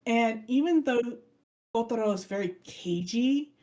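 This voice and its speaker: This woman has a fairly high pitch and an unhurried delivery. As co-host of a laid-back podcast, she energetically walks through an anime's plot and voices the characters' lines.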